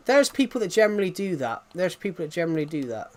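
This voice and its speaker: An English man chats loosely with his live stream audience. His voice sits a little high for a man, and he circles back and restarts sentences as he goes. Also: very animated, moderate pace. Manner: rambling, repeats and restarts phrases. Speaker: live streamer reading chat. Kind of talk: casual chat to stream viewers.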